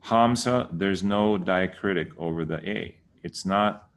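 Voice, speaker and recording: Slow, low-voiced man teaching. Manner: slow, patient, repeats words to correct them. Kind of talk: casual lesson.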